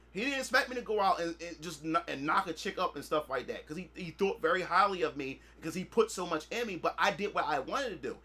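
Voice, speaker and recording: High-voiced, blunt, profane man. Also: pushed and bright. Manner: blunt and profane, with lots of repeated filler phrases; emphatic, preachy lecturing. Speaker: podcast host. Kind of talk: casual podcast monologue.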